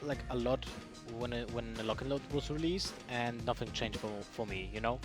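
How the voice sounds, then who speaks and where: A man's voice: mid-range voice, a little fast. A man co-casting an esports match, breaking the play down thoughtfully and often ending with a question tag. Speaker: esports co-caster. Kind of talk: live esports analysis. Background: music.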